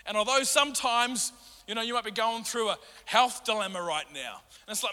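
A middle-aged man preaching a sermon as pastor, animated, acting out quotes in a raised voice. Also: very high voice, moderate pace. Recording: long hall reverb.

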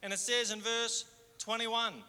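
A man preaching a sermon in a conversational way, moving between fervent and hushed. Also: very high voice, level tone, a little slow, clear, resonant tone. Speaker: pastor. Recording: hall reverb.

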